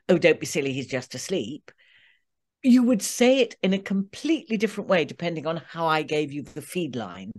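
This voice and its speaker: A woman who is an audiobook narrator and coach, talking expressively in an interview and acting out example line readings. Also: sits low. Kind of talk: interview conversation.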